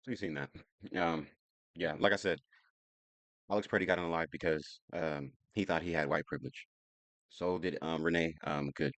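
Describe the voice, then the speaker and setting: A man's voice: sits low, fairly even intonation, normal speed, pauses often, fairly bright tone, no room sound. A man hosting a reaction commentary, talking bluntly and preaching straight at his viewers. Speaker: commentary host reacting to clips.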